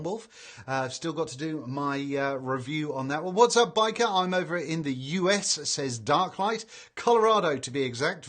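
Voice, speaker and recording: A man's voice: on the high side, a bit bright. A man hosting a casual live stream, reading out viewer greetings in a chatty way and stumbling over names. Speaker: livestream host reading chat.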